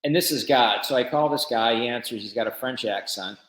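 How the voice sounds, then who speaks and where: A man guest on a podcast, telling a business story in an animated, casual way. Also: mid-range voice, a little fast, reverberant, low-quality recording. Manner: animated storyteller with shifting loudness.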